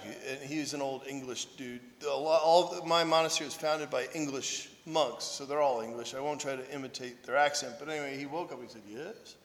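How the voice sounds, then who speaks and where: A man's voice: on the high side, a bit bright, big-room sound. A man who is a priest and monk, telling humorous self-deprecating stories in a conversational sermon, often checking in with "right?". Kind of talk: anecdotal sermon talk.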